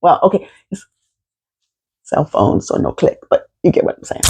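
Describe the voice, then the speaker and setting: A woman in her fifties telling a personal story to camera in an animated, expressive way, swearing freely. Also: takes it slowly, slight background noise. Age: 50s. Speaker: vlogger.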